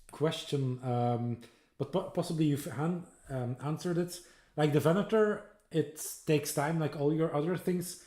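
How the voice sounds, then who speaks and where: Halting male host in an echoey room. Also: on the high side, mellow. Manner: halting, many fillers and restarts. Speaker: host, interviewer. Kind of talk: casual interview chat.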